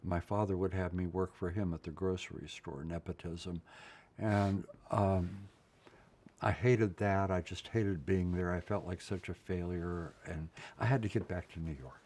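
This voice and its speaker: Speaking deeply and fairly evenly at a measured pace, this older man from Pennsylvania tells his life story during an interview with raw, blunt emotion and a habitual "right?". His tone is slightly mellow, and a faint hiss or hum sits in the recording.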